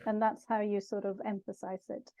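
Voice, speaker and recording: A woman's voice: mid-range voice, flat delivery, normal speed, gravelly, mellow, dry recording, poor audio. A woman teaching a language class online, explaining sounds patiently and chatting with viewers.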